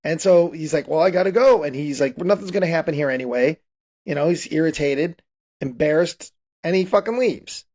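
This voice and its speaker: A man's voice: fairly high pitch, lively intonation, brisk, darkish tone, dull audio. A man hosting a podcast, casually recapping a horror comedy in a rambling way, restarting his sentences and laughing. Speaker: podcast host. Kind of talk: casual movie recap chat.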